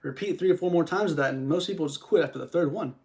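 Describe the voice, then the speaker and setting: A man's voice: fairly high pitch, fast talker, darkish tone. A young man hosting a podcast while live streaming, rambling in a casual motivational monologue, repeating phrases and chatting to his viewers on a studio microphone.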